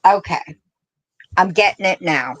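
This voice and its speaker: A woman's voice: lowish voice, unhurried, fairly bright tone. A woman with a central Pennsylvania accent, chatting casually on a craft livestream, laughing often and reading out viewer comments. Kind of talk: casual chat while crocheting.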